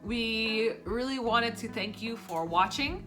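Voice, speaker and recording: A woman's voice: fairly high pitch, slow. Young woman co-host, playful and chatty, casual vlog talk, music bed. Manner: chatty, playful, finishes her partner's sentences. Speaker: vlogger, English teacher in Korea. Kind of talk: casual chat. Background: guitar music.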